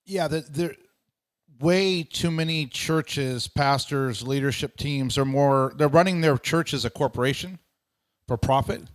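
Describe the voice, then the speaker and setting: A man's voice: on the high side, a little slow. A man appearing as a guest preacher on a talk show, speaking in an earnest, plain-spoken way. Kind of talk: casual talk show discussion.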